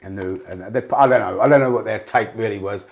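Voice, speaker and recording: Low-voiced rambling man telling stories. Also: fast, creaky. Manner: rambling, swears, restarts a lot. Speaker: podcast guest. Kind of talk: candid storytelling interview.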